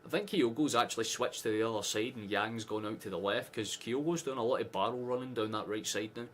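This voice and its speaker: Fast and slightly bright, this low-leaning male voice belongs to a Scottish host of a live football watchalong. He keeps up casual match chat full of sarcasm and frequent swearing, and there's slight background noise.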